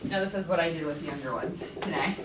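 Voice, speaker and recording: A woman teaches a class, chanting beats and syllables in lively bursts. She is picked up by a camera across an echoey classroom, with noticeable noise behind her. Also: low voice, fast. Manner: energetic, rhythmic chanting of beats. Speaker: teaching artist. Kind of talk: classroom lesson. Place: school classroom. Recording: echoey classroom, far from the mic, noisy.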